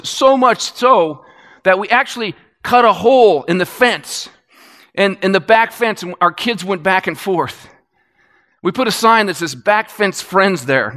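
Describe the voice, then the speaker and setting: A man preaching, telling a story with animated swings from excited to hushed. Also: sits high. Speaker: pastor. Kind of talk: sermon storytelling. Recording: long reverb of a large hall.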